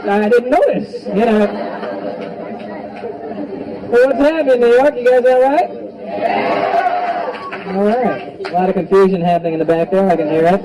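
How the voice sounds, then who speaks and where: Guy doing stand-up in a club, higher voice, swears a lot, crowd laughing loud behind him. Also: moderate pace, long pauses, poor audio. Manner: loose, profane crowd work with animated impressions. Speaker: stand-up comedian. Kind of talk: stand-up comedy set. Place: comedy club stage. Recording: live club recording with crowd. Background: audience laughter.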